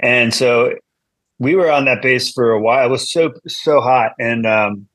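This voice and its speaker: A man's voice: mid-range voice, unhurried, a bit bright, no echo. A man, a comedian guest, telling a long story in casual chat, rambling with restarts and asides.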